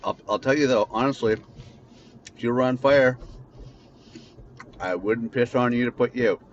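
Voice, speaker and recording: In a car, a man hosting a podcast vents his bitterness in an unscripted, profanity-laced rant. His voice sits in the mid range and moves at normal speed. The audio is dull and lo-fi, carrying a faint layer of noise.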